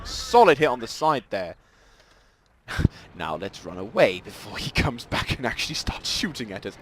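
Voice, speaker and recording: A man giving rambling, self-deprecating live commentary over a tank game, with sudden excited outbursts. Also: on the low side, moderate pace, noisy background. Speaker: gameplay commentator. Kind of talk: casual live gameplay commentary.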